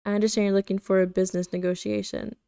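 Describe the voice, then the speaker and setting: Female reader giving a sentimental old gangster, gravelly, flat delivery. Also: medium pitch, rapid-fire, no echo, clean studio sound, lightly acted. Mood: gloomy. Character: gloomy older male gangster, sentimental.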